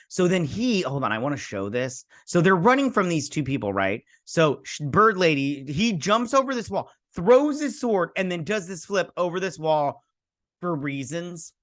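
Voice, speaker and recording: A man's voice: medium pitch, a bit bright, dry recording, clean studio sound. A man hosting a casual video review, emphatic and repetitive, saying "like" a lot. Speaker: host.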